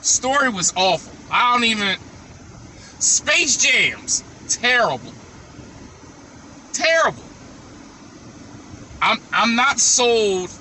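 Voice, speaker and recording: A man's voice: extremely high pitch, very animated, slow pace, long pauses, pushed and bright, a little hiss or hum. A man vlogging casually to his viewers, giving blunt, opinionated verdicts and repeating them for emphasis. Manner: talks straight to viewers.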